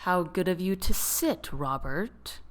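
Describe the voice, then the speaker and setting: A woman voicing a corrupt male judge who speaks calmly and with contempt. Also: on the low side, slow pace. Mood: smug calm. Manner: calm, contemptuous. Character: corrupt smug male judge, calm and wicked.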